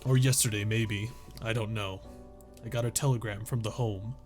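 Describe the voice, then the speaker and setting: Deadpan detached narrator, read by a man, low and unemotional. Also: normal speed, faint music behind, natural voice. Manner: deadpan, lowered voice, clipped short sentences. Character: flat detached male narrator, deadpan and weary.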